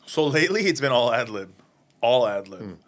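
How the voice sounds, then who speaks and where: A man's voice: mid-range voice, moderate pace. A man in his thirties, a stand-up comedian, telling anecdotes in a casual interview and acting out the people in them. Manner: animated, acts out voices in anecdotes.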